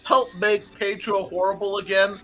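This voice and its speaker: A man's voice: high-pitched, level tone, normal speed, fairly bright tone, faint music behind, rough recording. A man on a casual podcast, playful and teasing toward the others. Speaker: podcast co-host. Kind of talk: casual chat.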